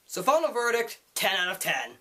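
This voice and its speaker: A young man reviewing a movie, excitable and gushing, with jokey asides. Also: high voice, moderate pace, slight background noise. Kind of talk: enthusiastic online movie review.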